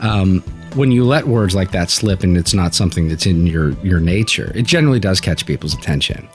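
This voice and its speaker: Rambling, animated male podcast host. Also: low-pitched, a little fast, faint music behind. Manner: rambling, winding storyteller. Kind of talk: casual chat.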